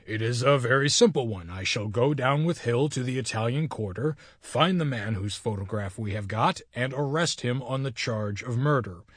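A man's voice: mid-range voice, normal speed, few pauses, fairly bright tone, slightly rough, no room sound, studio quality. A man doing a brash police inspector. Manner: assertive, a little condescending.

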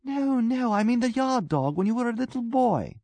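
A man reading a story aloud, voicing a wistful, lonely young woman in a raised, breathy voice. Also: very high-pitched, big pitch swings, normal speed, warm tone, dry recording, pitched above the performer's own voice, exaggerated voice. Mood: delighted.

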